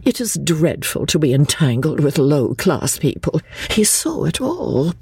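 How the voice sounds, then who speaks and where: A reader voicing a prim, fussy older woman who murmurs in a low hushed voice. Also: big pitch swings, measured pace, husky, dry recording, heavily acted. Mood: conspiratorial. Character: fussy older spinster cousin, prim and conspiratorial.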